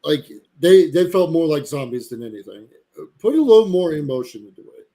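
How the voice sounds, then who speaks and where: A man chatting on a casual live show, his voice sitting a little high but mellow and soft-edged. He talks animatedly and often breaks into mocking, exaggerated voices. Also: very animated, a little fast. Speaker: podcast co-host. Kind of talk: casual chat.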